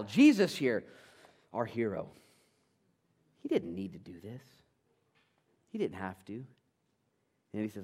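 A middle-aged man delivers a church sermon with animated energy. His voice climbs to loud, emphatic peaks, then drops to soft, intimate tones. He talks like a pastor speaking from the pulpit. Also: on the low side, takes it slowly, pauses often, slightly rough. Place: church sanctuary.

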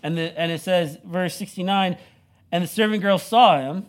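A man's voice: sits high, normal speed. A young man preaching a sermon, retelling the story in a casual, conversational way full of "like" and "you know". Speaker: pastor.

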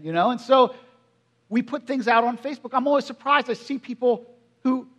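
A man in his forties preaching a sermon in a conversational way, often asking the congregation questions. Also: high-pitched. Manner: drops to a quiet, hushed voice at emotional moments. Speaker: pastor.

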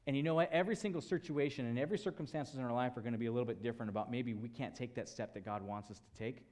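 A man's voice: medium pitch, a little mellow. Man preaching with repeated emphatic phrases. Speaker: pastor. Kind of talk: sermon.

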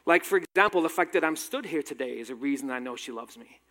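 A man's voice: medium pitch, animated, fast talker, sharp tone. Wry storytelling man in a reverberant hall. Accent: British with a slight American tinge. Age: 30s. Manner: wry, self-deprecating humor. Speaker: speaker giving a talk. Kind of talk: personal storytelling talk.

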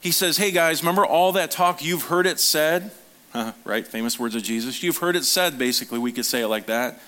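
A man's voice: on the high side, a little fast, bright, forceful tone. Conversational male pastor preaching. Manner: conversational, acts out quoted voices, asks the congregation questions. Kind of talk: sermon.

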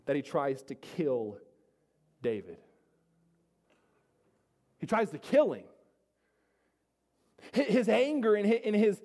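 A male pastor with a notably high voice delivers an earnest sermon, repeating key phrases and calling out to his congregation. His words ring out in a church sanctuary with a long, trailing reverb. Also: warm tone. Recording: long reverb of a large hall.

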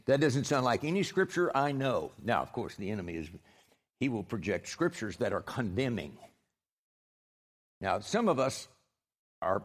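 A man preaching a sermon as pastor, direct and emphatic, with dry sarcasm and frequent restarts. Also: medium pitch.

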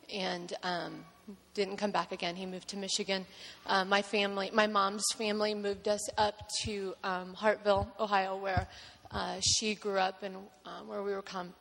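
A woman from Georgia giving an emotional personal testimony at church, halting with many pauses. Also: mid-range voice, gravelly, in a large hall. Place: church sanctuary.

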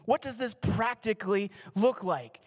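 A man's voice that sits high carries a pastor's sermon; he pleads earnestly, and on key lines he slows and sinks nearly to a hush.

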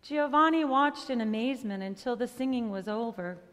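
A woman telling a storybook tale in an expressive, soft-edged manner, closing with a prayer. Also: fairly high pitch, normal speed, big-room sound. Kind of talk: storybook reading ending in prayer.

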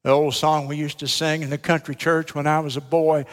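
Older Baptist preacher in a reverberant church. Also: male voice, on the high side, flat delivery, brisk, few pauses. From United States. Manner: emphatic, folksy, rhetorical questions. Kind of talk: sermon. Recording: long hall reverb.

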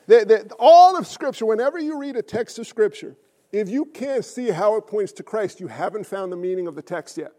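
A male pastor preaching a sermon with emphatic stresses, hushed asides and rhetorical questions to the congregation. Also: sits high, lively intonation, brisk. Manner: swings between loud stresses and hushed asides.

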